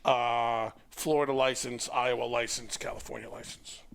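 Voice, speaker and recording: A man's voice: medium pitch, moderate pace, vocal fry, smooth. A middle-aged man, a former wrestler, telling a story in casual chat and acting out the voices of the people in it. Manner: animated storyteller who acts out voices. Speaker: podcast guest, former wrestler.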